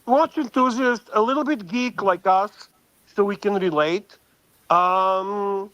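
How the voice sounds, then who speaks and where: A man's voice: high voice, slow, fairly bright tone, no room sound, lo-fi sound. A man co-hosting a live stream, ribbing the guests with teasing remarks. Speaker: co-host.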